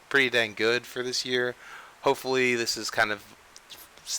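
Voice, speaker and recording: A man's voice: fairly low pitch, pushed and bright, poor audio. A young man hosting a casual game news show, rambling and often restarting his sentences. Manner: rambling, frequent restarts and self-corrections. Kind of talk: casual unscripted news chat.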